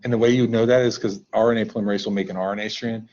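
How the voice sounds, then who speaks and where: A man's voice: on the low side, steady tone, very fast, darkish tone, dull audio. A male teacher leading a live online class in a playful, joking way, coaxing students to answer, over a computer mic on a video call.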